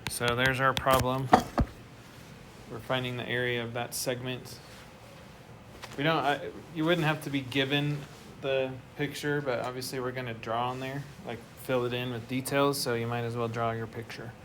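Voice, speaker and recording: A man's voice: medium pitch, level tone, moderate pace, a bit bright. A man teaching a math class, explaining step by step and asking the students questions. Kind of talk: classroom lecture. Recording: noisy classroom recording.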